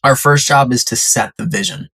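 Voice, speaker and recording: A podcast guest telling a story in a lively, conversational way and acting out the quoted lines. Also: medium pitch, normal speed, husky. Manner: animated storyteller who acts out quoted lines.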